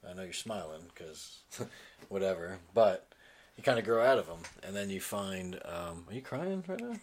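Chill guy in his 30s, kinda low voice, lots of ums and laughs, casual podcast talk. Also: moderate pace. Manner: relaxed, laughs often, many ums. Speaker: podcast host and father. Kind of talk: casual chat.

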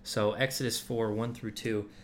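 A man's voice: on the low side, flat delivery, normal speed, a little hiss or hum. A man giving casual Bible teaching to a group, talking loosely with many fillers and restarts.

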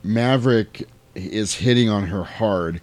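Low-voiced man retelling a movie. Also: takes it slowly. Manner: animated retelling, acting out quotes, swearing. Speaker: podcast co-host recapping a film. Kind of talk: casual chat.

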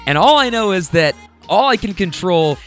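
A man's voice: sits high, very animated, normal speed, faint music behind. A man hosting his own podcast, introducing the episode in a casual, enthusiastic and slangy way, rambling with restarts. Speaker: podcast host.

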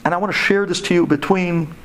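Speaking a little fast, a man tells stories to an audience of women in a sermon-like manner. He's animated and emphatic, his pitch rising and falling sharply.

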